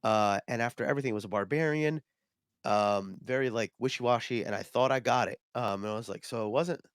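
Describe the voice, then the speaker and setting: A man co-hosting a podcast, telling stories in a rambling, animated way with lots of fillers. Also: mid-range voice, fairly quick, smooth, no echo, clean studio sound. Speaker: podcast co-host. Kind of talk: casual chat.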